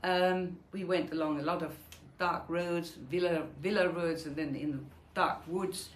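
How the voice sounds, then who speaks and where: A woman's voice: on the low side, steady tone, measured pace. An older woman from Denmark telling her own wartime memories in a vivid storytelling manner, acting out the dialogue. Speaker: Holocaust survivor giving a talk. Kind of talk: personal memoir talk. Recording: echoey room with faint noise.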